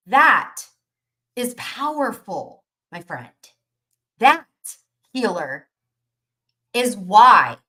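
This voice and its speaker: A woman business coach hosting a live motivational workshop stream, energetic and emphatic, repeating phrases for rhythm. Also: on the high side, slow, pauses often.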